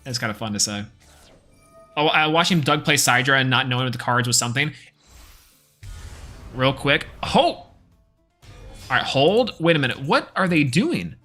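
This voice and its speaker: Male streamer, bright tone, loose running commentary. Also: fairly high pitch. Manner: casual, chatty play-by-play, thinking aloud. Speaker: game streamer. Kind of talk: live gameplay commentary.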